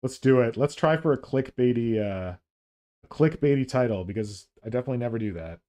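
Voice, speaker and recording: A man's voice: mid-range voice, brisk. A man hosting a hobby stream, chatting casually and joking around with silly voices. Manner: jokey, animated, silly put-on voices. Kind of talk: casual chat.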